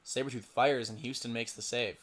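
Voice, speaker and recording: A man's voice: mid-range voice, fairly even intonation, a little fast, a bit bright. A young man doing casual solo play-by-play for a simulated lacrosse game, stumbling over player names and muttering asides to himself.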